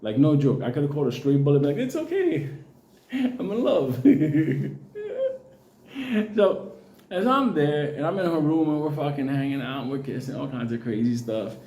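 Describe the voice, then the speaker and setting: A man's voice: mid-range voice, brisk, a little mellow, roomy sound. A Puerto Rican man telling a long personal story in a casual, profane way, often laughing.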